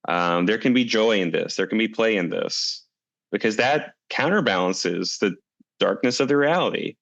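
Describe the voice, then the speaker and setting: A low, gravelly-voiced man, a guest who directs a climate coalition, answers interview questions calmly and thoughtfully, telling a parable at an unhurried storyteller's pace. The recording is dry and slightly dull, with no room sound.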